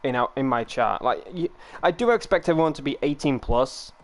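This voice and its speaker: A man's voice: medium pitch, expressive, brisk. A young man from the United Kingdom, chatting casually and rambling to his viewers while streaming a game. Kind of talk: casual live-stream chat.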